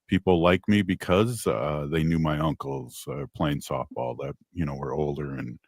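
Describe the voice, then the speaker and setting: A man hosting a radio show, chatting in a relaxed way with short affirming remarks. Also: very deep voice, normal speed, no room sound. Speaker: radio host. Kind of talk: casual radio chat.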